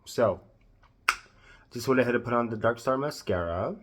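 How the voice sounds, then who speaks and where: A man with a Southern US accent narrating a makeup tutorial, gushing with drawn-out exclamations. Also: medium pitch, background noise. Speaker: makeup vlogger.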